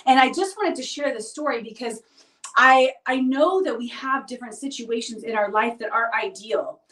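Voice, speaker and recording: A woman's voice: on the high side, moderate pace, a bit bright. Earnest woman in an echoey room. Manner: earnest, confiding, often asks "right?". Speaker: vlogger. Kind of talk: reflective personal monologue. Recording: roomy echo, distant mic.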